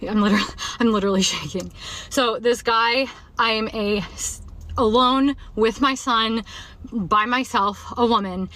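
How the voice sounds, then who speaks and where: A woman's voice: a little high, measured pace, fairly bright tone. A shaken woman telling her own story to camera, emphatic and repeating herself. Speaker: parent posting a video.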